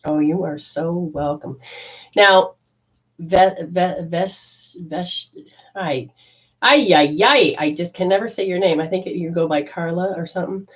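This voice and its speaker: Rambling low-voiced woman giving a reading. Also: a little slow, low-quality recording. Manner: rambling, with frequent restarts; affectionate, calls the listener honey. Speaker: intuitive reader for a caller. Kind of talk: spiritual reading and coaching.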